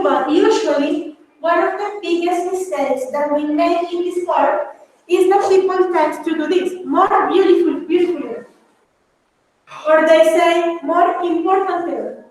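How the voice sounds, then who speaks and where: High-voiced woman teaching grammar, echoey. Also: a little mellow. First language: Spanish. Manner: switches between English and Spanish, calls students babies. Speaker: English teacher. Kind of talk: classroom grammar lesson. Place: classroom. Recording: echoey room, far from mic, faint noise.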